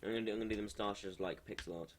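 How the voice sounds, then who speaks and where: A man's voice: fairly low pitch, steady tone, rapid-fire, slight background noise. A man streaming live as a game developer, thinking aloud in a hesitant, muttering way and correcting himself as he draws pixel art at his computer.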